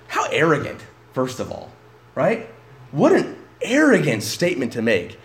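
A man's voice: fairly high pitch, huge pitch swings, measured pace, fairly bright tone, roomy sound. A male pastor preaching a sermon in an emphatic, conversational way, often breaking off and restarting his sentences.

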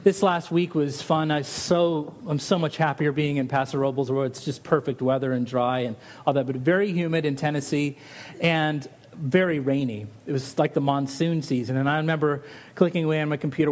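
A middle-aged man delivers a sermon in a lighter, higher-pitched voice. He preaches with animation and pushes his pitch up on each rhetorical question. He settles back into easy storytelling between the big points. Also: a little fast, darkish tone. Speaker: pastor.

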